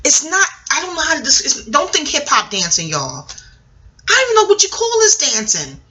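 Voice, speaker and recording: A woman's voice: high voice, normal speed. A middle-aged woman from New York telling a rambling, profane story to her viewers in a casual monologue. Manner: animated, profane, digressive, addresses viewers as y'all. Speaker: vlogger.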